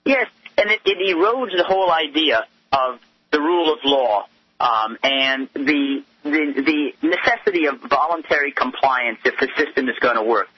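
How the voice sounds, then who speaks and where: A man's voice: mid-range voice, animated, moderate pace, husky, dry recording, lo-fi sound. A man speaking as a guest on a talk radio show, arguing in an impassioned, indignant way over the phone. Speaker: guest commentator.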